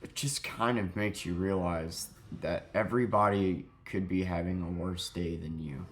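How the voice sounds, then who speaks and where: A young man telling a sad story in a halting, grieving way, close to crying, in a confessional vlog. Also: low voice, fairly even intonation. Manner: halting, heavy with grief, self-critical. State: near tears. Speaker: vlogger.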